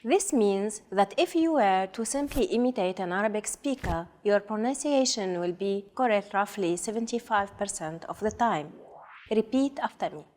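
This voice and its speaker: A woman co-hosting a language lesson, slowly and carefully modeling words for learners to repeat. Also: mid-range voice, expressive, a little mellow. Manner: careful, measured repetition for learners. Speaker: co-host and pronunciation model. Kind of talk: slow, deliberate model pronunciations.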